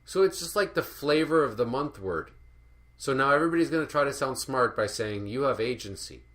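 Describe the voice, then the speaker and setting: A man's voice: medium pitch, lively intonation, brisk, a bit bright. A man delivering a rambling, profane, sardonic rant as an art commentary vlogger. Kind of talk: ranting monologue.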